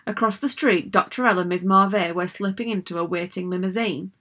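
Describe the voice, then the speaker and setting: A woman narrating a children's storybook in an even, measured reading. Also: mid-range voice. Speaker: audiobook narrator.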